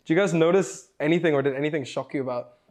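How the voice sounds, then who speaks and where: A man's voice: fairly high pitch, fast, a little mellow. Upbeat young male interview host. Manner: upbeat and chatty. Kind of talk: casual interview.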